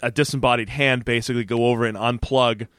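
A man's voice: mid-range voice, quick pace, no room sound, studio quality. A man co-hosting a podcast, recapping a TV episode in casual chat and acting out the characters' lines. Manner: animated, acts out quoted characters. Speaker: podcast co-host.

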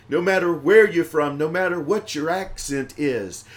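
A man preaching a livestreamed praise sermon in a rhythmic, repetitive, exhorting way, swelling louder on lines of praise. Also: a little high, moderate pace, hardly any pauses.

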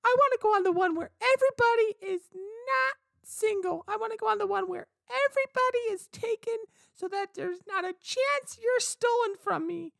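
A man voicing a clingy, lovestruck newlywed in a high, squeaky falsetto. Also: moderate pace, creaky, hardly any pauses, a bit bright, no room sound, heavily acted.

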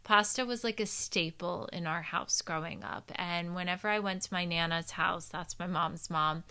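Bright, clear-voiced woman with a Jersey accent. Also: lowish voice, moderate pace. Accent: New Jersey. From New Jersey, USA. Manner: candid, swears casually, laughs easily. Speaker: personal growth host. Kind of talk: casual monologue.

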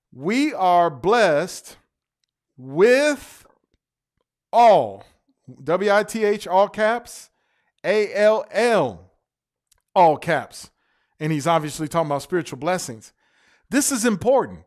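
A man preaching a sermon to his congregation, stretching key words for emphasis, spelling them out letter by letter and calling out to the church. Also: a little high. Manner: emphatic, drawn-out stresses on single words; calls out to the congregation.

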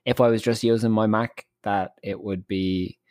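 A man hosting a podcast, joking and swearing casually and laughing loudly. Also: on the low side, fairly even intonation, moderate pace, dry recording, studio quality. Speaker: podcast host. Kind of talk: casual chat.

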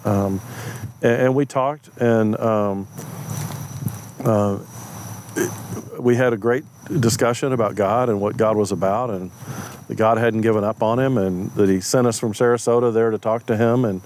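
A man's voice: lowish voice, fairly even intonation, moderate pace, long pauses, a little mellow, a little hiss or hum. A man, perhaps a pastor, casually telling a story about faith, acting out the lines of people he met, with plenty of ums and uhs. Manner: anecdotal, acts out quoted dialogue, frequent fillers. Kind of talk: conversational storytelling talk.

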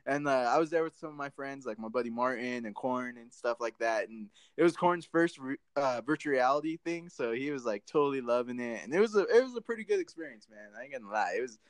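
A man's voice: medium pitch, expressive, fast talker, few pauses, no echo. Laid-back, profane man telling stories. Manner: profane, laid-back storytelling with lots of "dude". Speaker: podcast co-host. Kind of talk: casual podcast chat.

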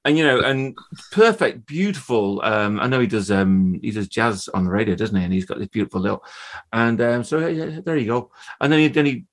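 A man's voice: medium pitch, brisk. A man in his fifties, an actor guest from England, telling stories in a chatty, laughing way on a podcast. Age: 50s. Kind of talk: casual podcast chat.

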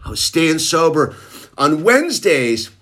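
A man's voice: a little high, sing-song, unhurried, a bit bright. A middle-aged man casually telling a long personal story in laid-back slang, tossing in "dude" constantly. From Southern California. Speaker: recovery storyteller.

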